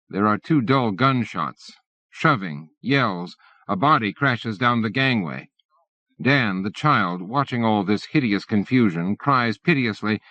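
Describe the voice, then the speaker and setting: A man reading an audiobook in measured scripted narration. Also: lowish voice, animated, sharp tone, dry recording. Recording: dull dry lo-fi cassette.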